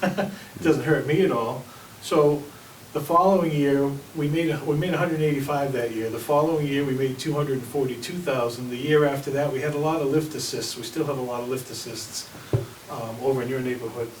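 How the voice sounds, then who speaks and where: A man's voice: medium pitch, a little fast, a little mellow, slight background noise. A man, a fire chief, giving a plainspoken report with anecdotes at a town board meeting. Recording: echoey room, mic at a distance.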